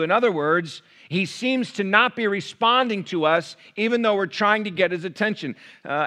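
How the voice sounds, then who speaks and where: A man preaching a sermon to his church, shifting from quiet, close asides to loud, raised passages. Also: sits high, fairly quick, hardly any pauses. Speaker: pastor. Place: church sanctuary.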